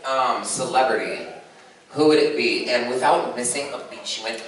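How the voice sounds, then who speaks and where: A man's voice: medium pitch, normal speed, a bit bright, slight background noise. Man telling jokes in an echoey room. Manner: loose storytelling with frequent fillers. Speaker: stand-up comedian. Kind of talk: convention stand-up set. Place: convention panel room with audience. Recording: echoey room recorded from far.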